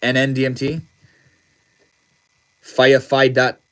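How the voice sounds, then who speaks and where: Man, livestream host, casual chat, laid-back, slangy, reads viewer comments, average pitch. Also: completely flat delivery, slow, fairly bright tone, clean tone.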